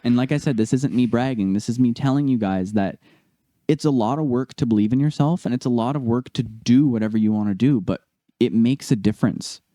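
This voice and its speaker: A young man co-hosting a casual podcast, telling a story with lively delivery and acting out the people he quotes. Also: medium pitch, brisk, no echo, clean studio sound. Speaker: podcast co-host.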